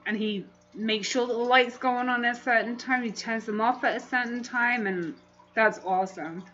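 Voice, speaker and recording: A woman's voice: fairly high pitch, moderate pace, fairly bright tone, lo-fi sound. A woman hosting a casual livestream, chatting and laughing often as she reads comments aloud. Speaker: livestream host.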